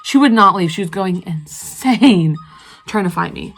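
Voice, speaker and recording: A woman's voice: on the low side, expressive, unhurried, low-quality recording. A young woman vlogging casually, rambling through a story while she does her makeup. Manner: rambling, chatty, lots of fillers. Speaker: beauty vlogger.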